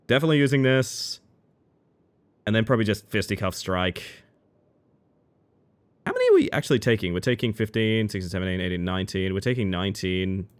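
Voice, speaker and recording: This card-game streamer has a lowish, clear, resonant voice, speaking at a moderate pace with long pauses. He keeps up animated, casual chatter with his viewers and lets loose with mock-dramatic, joking outbursts.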